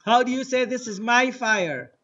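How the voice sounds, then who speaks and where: High bright-voiced man teaching Arabic. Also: lo-fi sound, slight background noise. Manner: slow, deliberate drilling with repetition to the class. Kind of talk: classroom language lesson. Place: mosque classroom.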